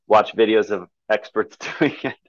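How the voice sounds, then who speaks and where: A man's voice: fairly low pitch, normal speed, no echo, muffled recording. A man talking as a movement coach in an interview, explaining eagerly with many fillers and restarts. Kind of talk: conversational interview.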